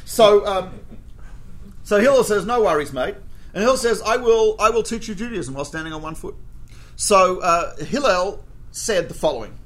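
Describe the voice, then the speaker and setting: A man's voice: high-pitched, moderate pace. A man teaching a class as a rabbi, telling stories with jokes and acting out the quoted exchanges. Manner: animated, jokey, acts out quoted exchanges. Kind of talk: humorous storytelling lecture.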